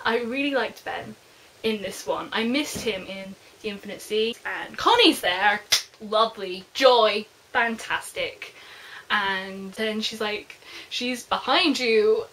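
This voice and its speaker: A woman's voice: fairly high pitch, bright, forceful tone, slight background noise, low-quality recording. A young adult woman giving a casual book review, chatting like a gushing fan and filling her talk with "like".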